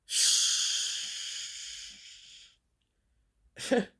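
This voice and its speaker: A woman talking casually to her viewers, telling animated, profane stories with frequent laughter. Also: very slow. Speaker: spiritual talk host.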